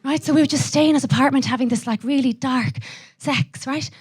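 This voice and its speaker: A young Irish woman doing a live stand-up set, brash and profane, throwing quick asides to the audience. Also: high voice, a little mellow. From Ireland. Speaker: stand-up comedian.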